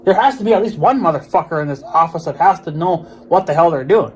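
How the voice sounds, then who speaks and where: Man, American accent, somewhat high voice, profane, exasperated, repetitive vlog rant. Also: lively intonation, fast, slight background noise. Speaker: vlogger. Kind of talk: ranting monologue.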